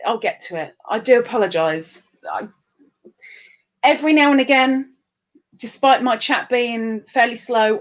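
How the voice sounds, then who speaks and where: Woman, high voice, bubbly live stream host, tired, chatty, greets viewers. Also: highs cut off.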